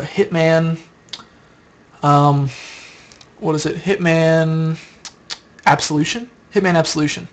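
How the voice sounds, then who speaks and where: Tired young man rambling on a stream. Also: on the high side. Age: young adult. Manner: rambling, casual, answers viewer questions aloud. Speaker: live streamer answering chat. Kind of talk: late-night live stream chat.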